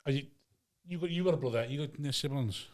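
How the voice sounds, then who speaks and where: A man's voice: medium pitch, fast, a crowd in the background. A man chatting on a podcast, swearing freely and telling stories with acted-out quotes. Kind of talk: casual banter.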